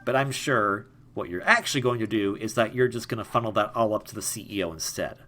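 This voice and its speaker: A man's voice: lowish voice, fast talker, bright, forceful tone, faint music behind. A young man giving casual, jokey let's-play commentary, rambling and stammering over repeated words. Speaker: gaming YouTuber.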